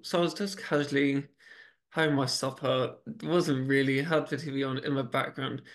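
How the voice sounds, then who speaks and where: A man's voice: medium pitch, fairly even intonation, moderate pace. A man telling stories as a podcast guest, chatty, with frequent restarts and repeated words. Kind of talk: casual storytelling conversation.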